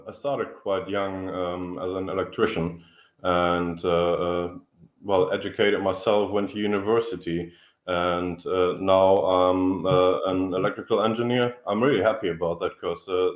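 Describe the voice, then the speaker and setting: German-accented man, very low voice, roomy echo, friendly and hesitant. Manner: hesitant, many fillers, friendly. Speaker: guest engineer. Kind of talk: casual interview.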